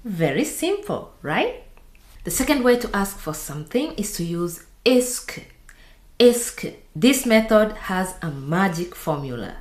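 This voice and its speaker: A woman teaching a beginners' language lesson, speaking slowly and repeating each phrase for practice. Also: mid-range voice, very animated. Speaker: French teacher. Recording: echoey room.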